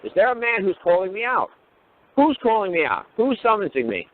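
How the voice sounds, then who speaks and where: Man, blunt, profane, rhetorical questions, slightly high voice, tinny phone line. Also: very animated, fairly quick. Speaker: talk show guest lecturer. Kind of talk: profane call-in talk.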